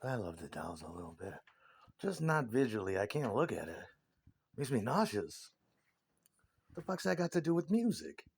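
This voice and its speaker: Man ranting in a casual interview, foul-mouthed and scornful, pitch swinging up and down a lot. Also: big pitch swings, moderate pace, creaky, long pauses, darkish tone, breathy edge.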